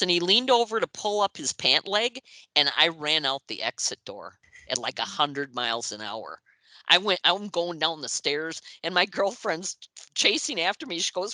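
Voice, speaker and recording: A woman's voice: sits low, big pitch swings, moderate pace, sharp tone, no echo. A woman, a music journalist, telling anecdotes as an interview guest, laughing through her stories.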